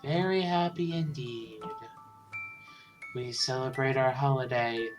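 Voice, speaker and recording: A man voicing an eerie, cheerful bird citizen in a visual novel, reading it slowly and ominously. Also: mid-range voice, over music, lightly acted. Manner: slow, drawn-out, ominous delivery.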